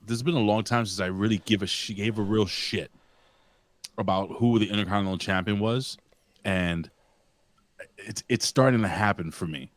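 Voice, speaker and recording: Low-voiced, profane male co-host. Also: no echo. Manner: rambling, profane, buddy-style talk with restarts. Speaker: podcast co-host. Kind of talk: casual wrestling review chat.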